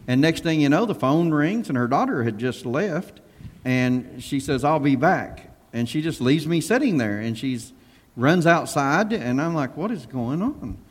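A man, a pastor, talking casually on a panel and telling stories in an animated way, acting out what people said. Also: medium pitch, long reverb tail. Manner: animated storyteller who acts out quotes and laughs.

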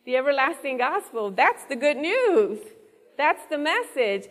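A woman's voice: sits high, sing-song, unhurried, big-room sound. A woman preaching a sermon with earnest conviction, often putting questions to her listeners. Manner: earnest, asks the audience questions.

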